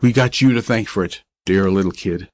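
A man voicing a young college athlete who speaks low and tenderly to a dying boy. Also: normal speed, a little mellow, natural voice. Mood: sturdy.

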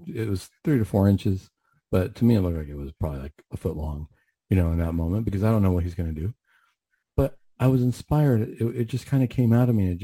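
A middle-aged male radio host tells a story earnestly and often restarts his sentences. His voice is low, very dark and mellow, with a husky edge. The recording is dry and close. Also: dry recording. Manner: earnest, retelling a tense encounter with many restarts. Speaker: radio show host and clinician. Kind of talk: storytelling on a talk radio show.

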